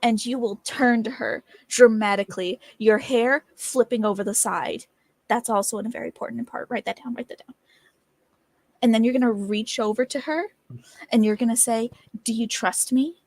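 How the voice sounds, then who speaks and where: A woman at a tabletop game talks in a bright, higher voice, all playful scheming and animated storytelling. The sound is dry and close, with no room around her. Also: moderate pace, no echo. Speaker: player. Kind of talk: in-character tabletop role-play.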